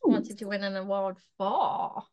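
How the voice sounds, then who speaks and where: A woman's voice: mid-range voice, normal speed, mellow, lo-fi sound. A woman co-hosting a podcast in casual chat, reacting to her friend's stories with short supportive remarks. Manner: brief encouraging reactions. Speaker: podcast co-host.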